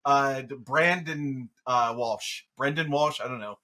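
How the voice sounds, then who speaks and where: A man co-hosting a podcast in casual chat, animated and joking with quick restarts. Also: medium pitch. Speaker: podcast co-host.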